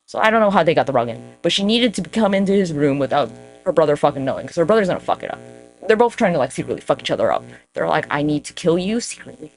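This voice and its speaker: A woman telling history as casual comedy, irreverent and profane, slipping into quick voices for the people she quotes. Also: deep voice, lively intonation. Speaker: history storyteller.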